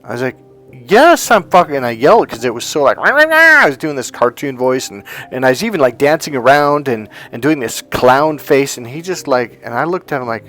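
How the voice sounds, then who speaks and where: A man's voice: medium pitch, a little fast, few pauses, soft background music. A middle-aged man and self-help coach talking casually, telling stories with plenty of restarts and acting out what people said. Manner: chatty, animated storytelling with acted-out quotes. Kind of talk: casual talking-head advice.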